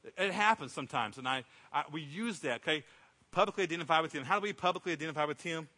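A middle-aged male pastor preaches in a relaxed storytelling way, acting out what people said. His voice is very bright and sits a little high. The sound rings out with the long reverb of a church sanctuary. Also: quick pace. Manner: conversational storytelling, acts out quotes. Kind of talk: sermon.

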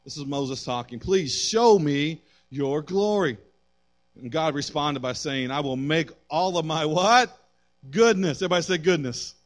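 A man preaching to a congregation in a somewhat high voice. He preaches with animation, swelling loud for emphasis and then sinking low. He breaks off for quick jokes and asides to the room. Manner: animated preaching, rising and dropping in loudness, quips to the congregation. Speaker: pastor. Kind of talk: sermon.

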